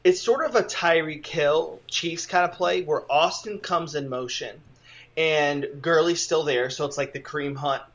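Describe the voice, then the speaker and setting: A man's voice: a little high, unhurried, lo-fi sound. A man co-hosting a sports podcast, introducing segments and adding his own takes in casual chat. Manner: forceful, introduces segments and adds short opinions. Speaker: podcast co-host.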